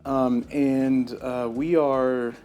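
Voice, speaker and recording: A man playing a solo board game live on stream, talking through each move and getting loudly exasperated over bad dice rolls. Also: medium pitch, little pitch movement, extremely slow, soft background music.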